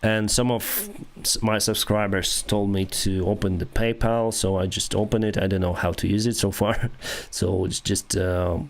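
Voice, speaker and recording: A man with a Ukrainian accent, hosting a casual livestream and answering viewers, with halting speech and frequent restarts. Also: lowish voice, flat delivery. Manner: halting, many restarts and fillers, reads comments aloud. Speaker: airline pilot and livestream host. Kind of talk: casual livestream chat reading viewer comments.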